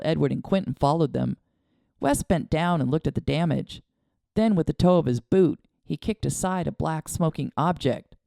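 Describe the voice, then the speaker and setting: A woman narrates a novel in a low, dark, gravelly voice that moves freely in pitch. Her reading is expressive and dramatic, recorded close and dry. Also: dry recording. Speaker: audiobook narrator. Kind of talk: scripted narration.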